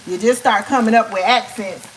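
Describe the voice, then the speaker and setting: A woman's voice: on the high side, moderate pace, slight background noise, rough recording. A woman hosting a casual cooking live stream, joking and chatting playfully with her viewers as she cooks. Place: home kitchen. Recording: frying sizzle in kitchen.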